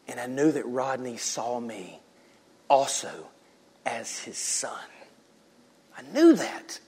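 Guy pastor telling a story in his sermon, kinda high voice, jokey asides, trips over words and keeps going. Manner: animated storyteller with joking asides and quick restarts. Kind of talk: conversational sermon with personal storytelling.

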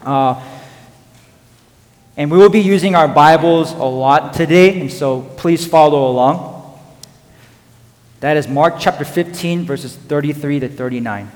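A man's voice: a little high, measured pace, long pauses, a little mellow, in a large hall. A man preaching a sermon, telling the story in an earnest way and acting out the crowd's voices. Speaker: pastor.

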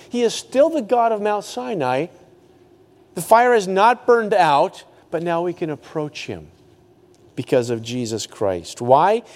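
Man preaching in an echoing hall. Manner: dynamic preaching, rising to high emphatic peaks and dropping to hushed low lines. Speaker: pastor. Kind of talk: sermon.

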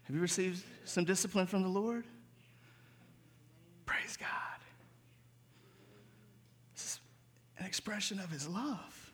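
Male pastor, sermon, very high voice, bright tone, call-and-response preaching. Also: slow pace, long pauses. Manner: preaching with call-and-response, rising to emphatic peaks.

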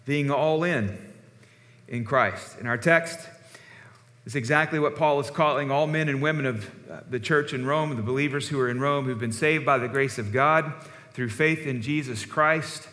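A male pastor giving a sermon in a relaxed, conversational storytelling way. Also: medium pitch, moderate pace, in a large hall.

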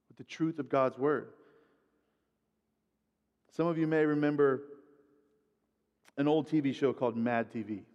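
Conversational preacher in an echoey hall. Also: male voice, medium pitch, muffled recording. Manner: conversational, repeats words while building points. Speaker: guest preacher. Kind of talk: sermon.

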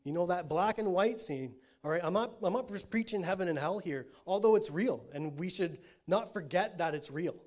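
With a fairly high male voice, a pastor preaches animatedly at normal speed with few pauses, keeping things conversational and often checking in with the congregation. He swings between quiet, low statements and loud, emphatic declarations.

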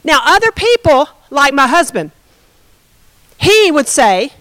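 A woman's voice: sits high, big pitch swings, slow pace, fairly bright tone, no room sound, low-quality recording. A woman pastor giving a conversational sermon, often asking the congregation questions.

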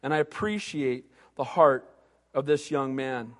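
A pastor preaching a sermon, reading scripture and acting out the voices of biblical characters with rising intensity. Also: male voice, mid-range voice, a little slow, a bit bright, long reverb tail.

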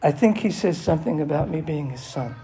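A pastor preaching in a relaxed, storytelling way, his slightly high voice rough with gravel. He sounds like he is in an echoey room with a faint background hum. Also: brisk. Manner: conversational storytelling, earnest prayer. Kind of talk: sermon.

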